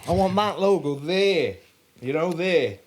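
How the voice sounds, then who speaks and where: A man co-hosting a podcast, excitable and swearing in casual chat. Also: fairly high pitch, measured pace, a little hiss or hum. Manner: excitable, swears, says mate. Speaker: podcast co-host.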